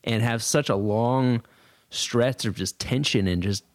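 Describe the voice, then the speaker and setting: A man's voice: medium pitch, measured pace, no room sound, clean studio sound. A man hosting a podcast, talking casually and thinking aloud about a comedy special. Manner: conversational, thinking aloud with restarts. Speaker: podcast host. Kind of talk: casual discussion.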